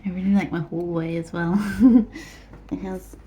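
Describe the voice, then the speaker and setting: A woman's voice: fairly low pitch, fairly even intonation, moderate pace, slight background noise, rough recording. A woman in casual vlog chat, rambling as she gives a tour of her home. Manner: chatty and rambling, soft asides to herself. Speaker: artist vlogger.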